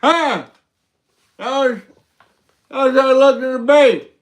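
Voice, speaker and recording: A man putting on a rambling, mumbling elderly male president who trails off and then suddenly shouts. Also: very high voice, slow pace.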